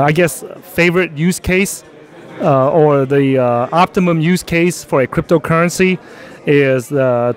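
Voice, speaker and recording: A man hosting a casual interview outdoors at a conference, loose and jokey with many fillers. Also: on the high side. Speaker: channel host.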